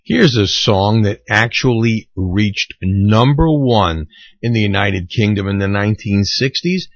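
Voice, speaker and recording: A man hosting an oldies radio show, chatty and self-deprecating in an unhurried way. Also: fairly low pitch, expressive, no echo, dull audio. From United States. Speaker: radio host.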